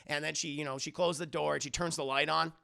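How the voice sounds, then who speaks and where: A man casually retelling a film's plot to his stream chat, animated and profane. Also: fairly high pitch, quick pace, vocal fry. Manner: animated, profane, laughs often. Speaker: movie reviewer streaming to chat.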